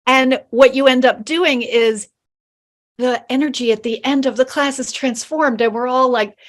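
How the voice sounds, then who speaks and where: A woman's voice: high voice, moderate pace. A middle-aged woman chatting on a video call as a program participant, telling stories and acting out quoted voices. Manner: animated, acts out quoted voices. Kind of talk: casual chat on a video call.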